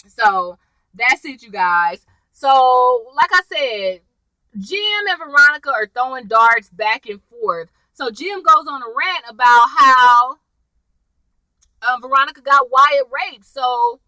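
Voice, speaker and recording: A woman casually recapping a TV episode, acting out the characters' lines in a lively, chatty way. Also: high-pitched, slow, no echo, poor audio. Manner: animated, acts out characters' lines. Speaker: TV episode reviewer.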